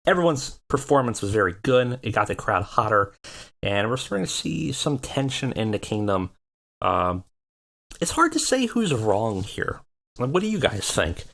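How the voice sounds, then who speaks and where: A man's voice: on the low side, a bit bright. A man hosting a let's play of a wrestling management game, talking loosely with lots of ums. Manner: loose, rambling, many ums and uhs. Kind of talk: casual game commentary.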